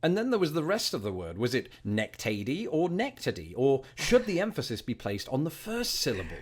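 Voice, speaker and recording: A man's voice: mid-range voice, huge pitch swings, a little fast, husky. A British man in his thirties giving scripted, dryly humorous narration. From Britain. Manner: wry, dry, wordy humor. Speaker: video narrator.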